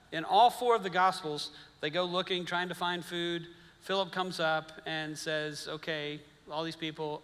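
A pastor in his fifties preaching a sermon in a relaxed, storytelling way, acting out the voices of people he quotes and adding joking asides. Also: a little high, in a large hall. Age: 50s.

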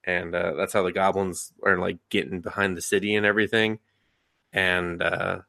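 Low gravelly man, animated podcast chat. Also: dry recording, clean studio sound. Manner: animated, profane, acts out reactions in voices. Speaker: podcast co-host. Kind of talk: casual chat recapping an anime.

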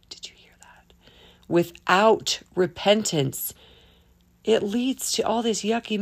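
A woman's voice: fairly high pitch, gravelly, dry recording. A woman hosting a casual faith podcast, talking in a chatty, colloquial way that jumps between topics. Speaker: podcast host.

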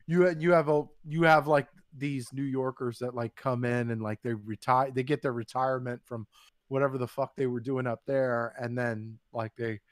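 A man's voice: mid-range voice, steady tone, normal speed, no echo. A young man in casual chat, rambling with many fillers and crude jokes.

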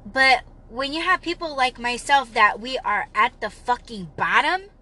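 A woman's voice: on the high side, expressive, unhurried, bright, forceful tone. A woman hosting her own podcast, ranting casually and heatedly with plenty of swearing, shrugging things off with a laugh. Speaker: podcast host. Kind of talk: casual solo podcast rant.

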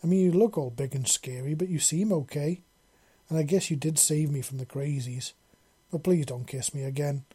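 A man's voice: a little high, normal speed, warm tone, breathy edge. A man voicing a young black-furred feline girl who sounds timid at first and then speaks bluntly. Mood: frank.

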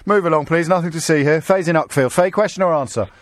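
Fast-talking, teasing male radio host. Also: a little high, no echo. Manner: teasing, jokey. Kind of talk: quick-witted phone-in banter. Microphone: studio mic.

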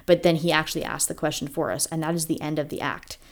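A woman co-hosting a podcast in casual chat, talking with enthusiastic, animated energy. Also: sits low, quick pace. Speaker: podcast co-host.

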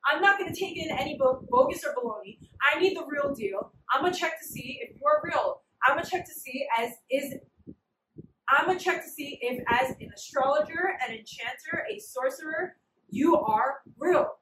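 A man's voice: very high voice, expressive, normal speed, sharp tone, heavily acted. A woman voicing an anxious, distrustful ancient king who makes blunt, slangy threats, told in a casual sermon. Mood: angry. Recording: roomy, distant, noisy hall.

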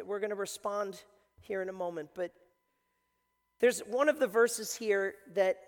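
A man with a notably high voice delivers a sermon as pastor, swinging between hushed reflection and loud, urgent appeals. He often repeats words as he presses a point. His voice rings with the long reverb of a large church hall. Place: church sanctuary.

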